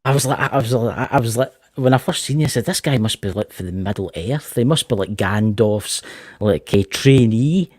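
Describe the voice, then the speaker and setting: A man's voice: medium pitch, expressive, moderate pace, darkish tone. A Scottish man hosting a casual livestream interview, chatty and repeating words as he restarts his sentences. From Scotland. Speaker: host.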